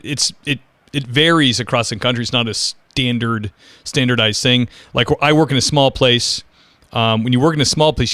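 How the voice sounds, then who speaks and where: A man's voice: medium pitch, sharp tone, no echo. A man hosting an interview talks frankly and rambles through police anecdotes. His voice sits in a middle range. The sound is dry and close. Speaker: podcast host, police officer. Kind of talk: casual interview chat.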